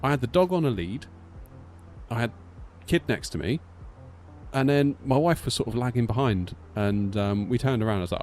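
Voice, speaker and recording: Faint music plays behind this flight sim streamer, a man in his thirties from the United Kingdom with a British English accent. Medium in pitch and moderate in pace, he tells rambling, animated stories in a casual live-stream chat and voices the characters in them.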